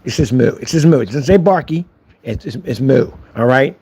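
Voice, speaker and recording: Gravelly man, mockingly sarcastic. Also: mid-range voice, lively intonation, moderate pace. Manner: mocking, teasing, drops to soft whispers. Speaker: online seller of projector screen paint. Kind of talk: sarcastic rant to camera.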